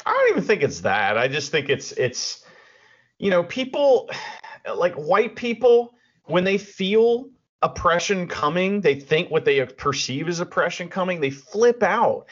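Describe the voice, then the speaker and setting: Animated, husky-voiced man ranting. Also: high voice, unhurried. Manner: animated, profane ranting with restarts. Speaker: podcast co-host. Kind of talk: casual chat. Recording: dull lo-fi audio.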